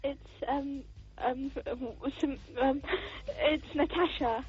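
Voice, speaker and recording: A young woman phoning in to a radio show, giggly and cheeky, with hesitant, halting talk. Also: sits high, fairly even intonation, darkish tone, soft background music. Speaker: caller. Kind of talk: phone-in chat. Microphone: phone line. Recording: muffled radio phone-in.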